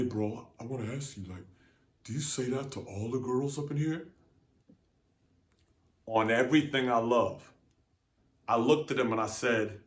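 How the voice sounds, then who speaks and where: Young male host, low-pitched, casual cursing storyteller in an echoey room. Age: young adult. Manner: profane, slangy, animated retelling with quoted exchanges. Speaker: podcast host.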